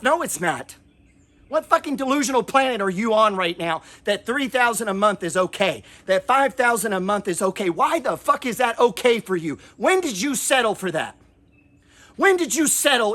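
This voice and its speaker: A man's voice: very high voice, lively intonation, a little fast, fairly bright tone. A man hosting an investing channel, scolding his viewers in a fiery, profane, repetitive motivational rant.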